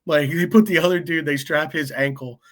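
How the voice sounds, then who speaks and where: A man's voice: fairly high pitch, steady tone, fairly quick. A young man telling a rambling, profane story in casual chat, full of "like" and "dude". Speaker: guest.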